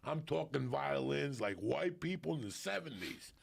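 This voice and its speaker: Appearing as a podcast guest, a middle-aged man from a Cuban family in New Jersey tells a comic story, swearing constantly and acting out his relatives mid-story. His mid-range voice is animated and creaky, at a moderate pace.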